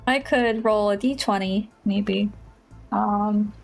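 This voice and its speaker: A woman's voice: mid-range voice, steady tone, takes it slowly, gravelly, faint music behind, rough recording. A woman streaming a dating game, chatting casually, playful and dramatically whiny, mocking herself. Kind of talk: casual live-stream gameplay commentary.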